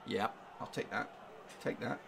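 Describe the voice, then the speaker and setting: A man giving live reaction commentary on a football match, urging his team on and getting excitable. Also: a little slow, background noise. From England. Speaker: fan reaction streamer.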